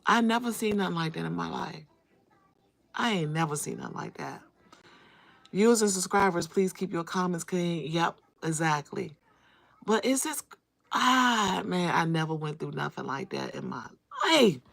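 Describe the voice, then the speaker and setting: A woman's voice: lowish voice, lively intonation, normal speed, vocal fry, fairly bright tone. A woman hosting a casual livestream, talking straight to her viewers, greeting them by name and repeating phrases for emphasis. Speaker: livestream host. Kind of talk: casual live-stream chat.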